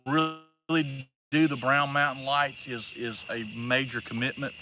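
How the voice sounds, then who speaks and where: A man co-hosting a live outdoor stream, talking in an emphatic, drawn-out way with repeated words. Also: mid-range voice, little pitch movement, over music. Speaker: co-host of a livestream. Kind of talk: casual live chat. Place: outdoors at night in the woods.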